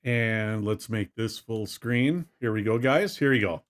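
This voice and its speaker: A man's voice: lowish voice, unhurried. A man hosting a horror podcast, laughing as he fumbles to start a video. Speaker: podcast host running the stream. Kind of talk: casual chat.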